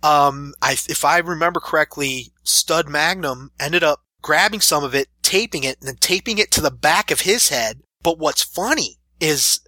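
A man's voice: a little high, normal speed, few pauses, no echo. A man in his thirties, a pro wrestler, telling stories animatedly in a casual interview. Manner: animated storyteller, laughs through stories. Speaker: professional wrestler guest.

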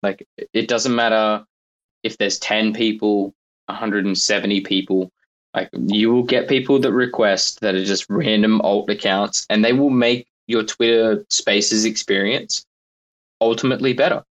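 Low-voiced man rambling casually. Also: steady tone, normal speed. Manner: rambling, heavy use of "like", laughs often. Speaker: speaker in a live audio chat room. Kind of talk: casual banter.

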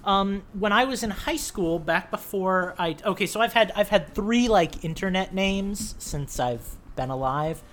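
A woman's voice: mid-range voice, a little slow, few pauses, slight background noise. A woman co-hosting a casual gaming podcast, chatty and rambling with lots of ums. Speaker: podcast co-host.

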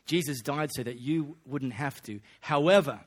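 Aussie bloke preaching, jokey and slangy, ordinary mid voice. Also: male voice, medium pitch, moderate pace. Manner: folksy, joking, slangy delivery. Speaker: pastor. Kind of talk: sermon.

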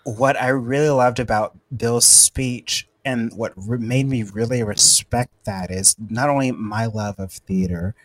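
A man's voice: medium pitch, steady tone, a little slow, few pauses, no echo. A man co-hosting a casual discussion, talking in a chatty way with frequent "like" asides.

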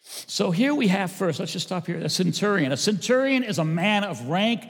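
A man, a pastor, preaching a sermon, swinging between loud emphasis and hushed asides. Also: high-pitched, expressive, normal speed, husky. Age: older. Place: church sanctuary. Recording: church hall reverb.

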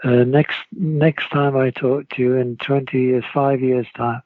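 An older man with a Liverpool accent telling rambling, lively anecdotes as an interview guest, over a tinny phone line. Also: medium pitch, measured pace, dry recording. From Liverpool, England. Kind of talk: anecdotal storytelling.

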